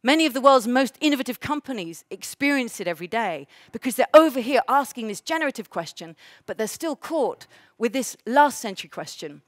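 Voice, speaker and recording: A woman's voice: fairly high pitch, sing-song, fairly quick, no room sound. Dry, emphatic English woman lecturing. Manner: emphatic, rhetorical questions, builds to big points. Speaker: economist giving a seminar talk. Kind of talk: public lecture.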